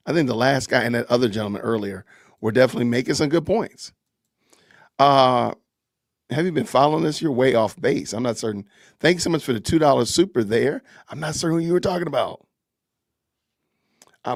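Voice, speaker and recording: Man with a gravelly, lively voice. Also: on the high side, dry recording, clean studio sound. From Southern United States. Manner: chatty, reads out viewer comments and thanks donors, repeats phrases. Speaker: podcast host. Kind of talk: casual live-stream commentary.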